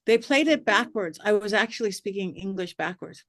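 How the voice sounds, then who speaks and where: A woman's voice: mid-range voice, moderate pace, no room sound, clean studio sound. A woman guest, a psychic medium, telling stories animatedly in a podcast interview and acting out the voices of the people in them. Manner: lively, acts out quoted voices.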